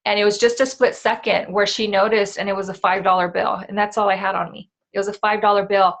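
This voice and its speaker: A woman's voice: medium pitch, level tone, fast talker, creaky, a bit bright. A woman in her forties co-hosting a talk show in a casual, heartfelt way, with lots of fillers and tag questions. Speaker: co-host. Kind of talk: casual chat.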